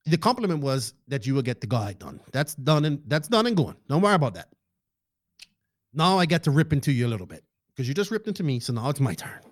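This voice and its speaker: A man hosting a casual podcast, joking, excitable and swearing freely while he thanks sponsors and chats with a guest over a remote call. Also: medium pitch, fast, dry recording, clean studio sound. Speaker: podcast host. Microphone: podcast microphone, remote call.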